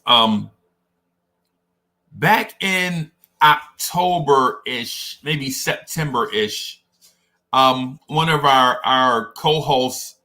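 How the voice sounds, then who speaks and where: A man hosting a podcast, chatting casually about sports in an animated, digressive storytelling way. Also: mid-range voice. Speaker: podcast host.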